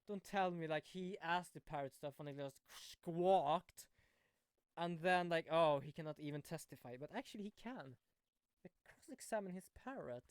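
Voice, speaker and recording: A man's voice: a little high, moderate pace, clear, resonant tone, no room sound, clean studio sound. A man playing through a courtroom game, reading lines aloud and adding swearing, joking asides. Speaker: let's-play streamer. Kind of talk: casual game commentary and reading dialogue aloud.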